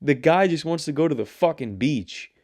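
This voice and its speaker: A young man hosting his own show, rambling and swearing in a casual, animated rant. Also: on the high side, normal speed. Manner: rambling, profane, animated ranting. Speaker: show host. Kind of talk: casual solo commentary.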